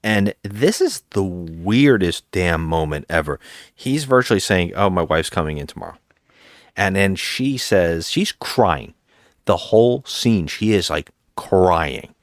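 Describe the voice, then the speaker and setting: A man's voice: sits low, expressive, slow pace, dry recording, studio quality. A man co-hosting a podcast, casually retelling a film's plot with hesitant, rambling asides. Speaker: podcast co-host. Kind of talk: casual movie-review chat.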